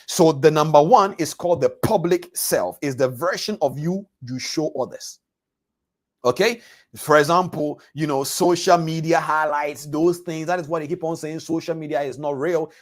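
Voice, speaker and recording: Emphatic man teaching a live masterclass. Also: fairly high pitch. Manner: emphatic, repeats words and phrases for emphasis; addresses listeners directly with questions. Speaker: trading coach. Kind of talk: live online masterclass lecture.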